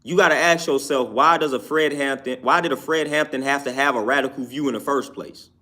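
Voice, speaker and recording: A man's voice: mid-range voice, brisk, sharp tone. A man talking through his opinions on his own YouTube show, emphatic and repetitive, often asking "you know what I'm saying". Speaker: YouTube commentator. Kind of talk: casual opinion talk.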